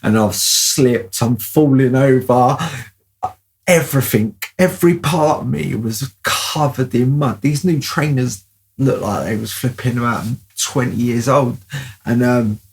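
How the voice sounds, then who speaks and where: Gravelly man telling a story. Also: medium pitch, a little slow. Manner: rambling, full of "like" fillers. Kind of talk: casual storytelling.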